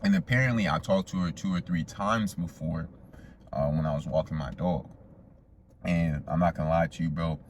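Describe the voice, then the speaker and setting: Deep-voiced young man telling a story. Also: steady tone, moderate pace, slight background noise. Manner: profane slangy storytelling to viewers. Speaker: vlogger. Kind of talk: casual storytelling.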